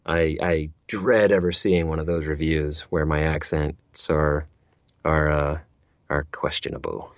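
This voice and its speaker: A man's voice: a bass voice, flat delivery, a little slow, no room sound, dull audio. A man who narrates audiobooks, chatting as an interview guest, rambling with many restarts and repeated words. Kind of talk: casual interview chat.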